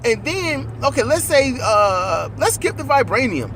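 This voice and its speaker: Animated, swearing man chatting in a car. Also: very high-pitched, unhurried, slight background noise. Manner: animated, profane, acts out lines. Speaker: co-host. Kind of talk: casual movie chat. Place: in a car while driving.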